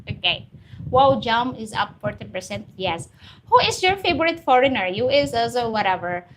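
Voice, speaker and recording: Woman with filipino accent, live stream host, blunt, preachy, fairly high pitch. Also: sing-song, normal speed, a little hiss or hum. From Philippines. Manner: blunt, preachy, straight-talking. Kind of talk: live stream chat, answering viewer comments.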